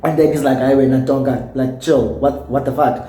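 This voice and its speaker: A man's voice: medium pitch, moderate pace, reverberant. A tipsy South African man with a South African accent, telling a story in a vlog and acting out what people said. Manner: animated storyteller who acts out quotes. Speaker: YouTuber.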